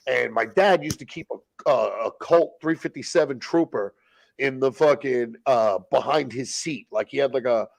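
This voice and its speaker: A man telling rough stories as a podcast guest, in blunt, profane street slang. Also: mid-range voice, moderate pace. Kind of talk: casual storytelling.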